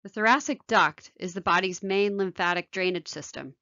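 A woman surgeon giving a medical video lecture in a measured, technical way. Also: on the low side, pushed and bright, no echo, highs cut off. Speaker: thoracic surgeon.

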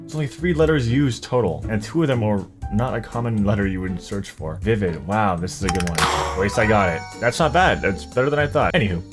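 A fairly low-voiced man talks through a word puzzle, trying out guesses under his breath and grumbling when they miss. Music plays clearly beneath his voice, and keys tap in the background. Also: lively intonation, fairly quick, hardly any pauses. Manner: thinks aloud, muttering guesses and swearing at words; greets viewers with "ladies and gentlemen". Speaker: gaming YouTuber. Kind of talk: casual gameplay commentary.

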